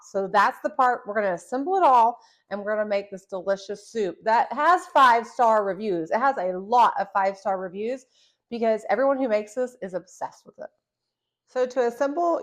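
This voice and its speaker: A young woman with a fairly high, bright-sounding pitch talks through a recipe at home. Her delivery is chatty and upbeat, sprinkled with little jokes to the viewer. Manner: chatty and upbeat, joking asides. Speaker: cooking show host. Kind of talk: casual cooking demonstration.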